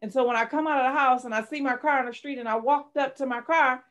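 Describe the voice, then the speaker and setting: A woman's voice: sits high, steady tone, fast, fairly bright tone. A middle-aged woman, a life coach and author, telling her personal story candidly and with strong emotion in an interview. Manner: candid, emotional, dramatic retelling.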